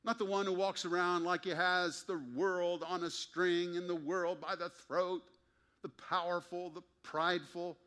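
A man's voice: high voice, little pitch movement, a little slow, a bit bright, clean tone. A man preaching a sermon to his congregation, emphatic and wry, often asking pointed rhetorical questions. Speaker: pastor.

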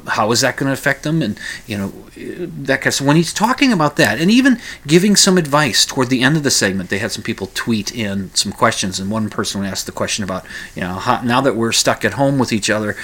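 Man, bright forceful tone, casual news commentary, rambling with restarts and asides. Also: medium pitch, animated, fairly quick.

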